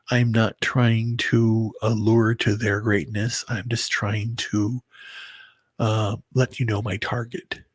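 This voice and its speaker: A very tired man talking to his viewers in a halting personal monologue, often stumbling and restarting his words. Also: medium pitch, breathy edge, no echo. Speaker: vlogger. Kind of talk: rambling personal monologue to camera.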